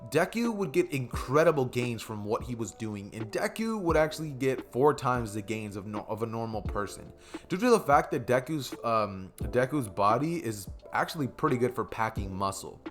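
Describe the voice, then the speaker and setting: A man's voice: mid-range voice, very animated, moderate pace, soft background music. A young man casually narrating an improvised fan story, rambling with many fillers.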